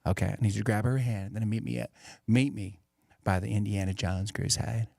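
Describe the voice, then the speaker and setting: A laid-back male movie star, as a comedian puts him on mutters orders in a low, hushed drawl, stringing together endless okays. The voice drops well below his own and stays quiet. The sound is dry. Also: fairly even intonation, a little fast, vocal fry, no room sound. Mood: scheming.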